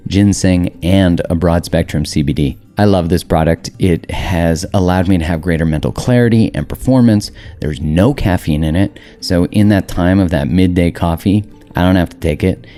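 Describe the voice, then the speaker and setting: A man's voice: low-pitched, warm tone. A man hosting a podcast, reading a sponsor message with enthusiasm. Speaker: podcast host. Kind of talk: read sponsor ad and interview.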